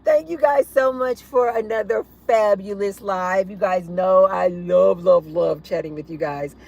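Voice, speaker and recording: A woman hosting a casual livestream chat, blunt and animated, laughing often as she talks to her viewers. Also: mid-range voice, a little slow, creaky, highs cut off. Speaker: livestream host.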